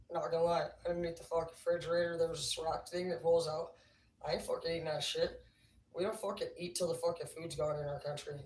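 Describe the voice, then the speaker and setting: A woman's voice: deep voice, a little hiss or hum. A woman livestreaming, telling rambling stories in a casual, profane, laughing way. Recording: roomy, distant mic, faint ambience.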